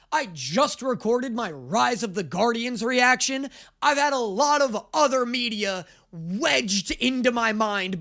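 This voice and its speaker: A man hosting a reaction video, speaking in an excitable, sarcastic and profane way. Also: very high-pitched. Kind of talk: casual reaction commentary.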